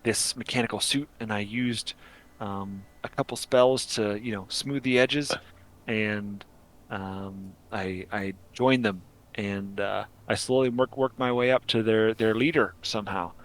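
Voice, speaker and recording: Weary gnome hiding among goblins, played by a man, low voice, halting delivery. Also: fairly even intonation, a bit bright. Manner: hesitant, rambling with many fillers. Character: gnome posing as goblin chief, weary, fed up.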